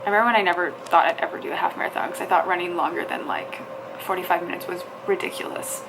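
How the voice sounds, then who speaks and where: Gravelly-voiced woman ranting at her screen. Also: on the low side, fairly even intonation, quick pace, very noisy. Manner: exasperated, swearing, talking to herself at a screen. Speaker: fitness vlogger. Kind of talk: casual vlog commentary.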